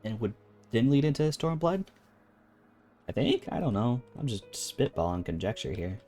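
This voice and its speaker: A man's voice: medium pitch, very animated, normal speed, warm tone. A man streaming a video game, chatting casually, musing aloud and reading game lines. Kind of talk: casual let's-play commentary. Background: game music.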